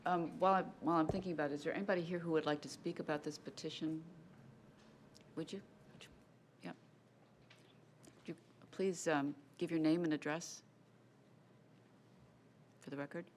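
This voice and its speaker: A woman's voice: low voice, steady tone, normal speed, long pauses, slight background noise. A woman chairing a public hearing at a town meeting, polite and procedural as she calls on speakers. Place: town hall meeting room.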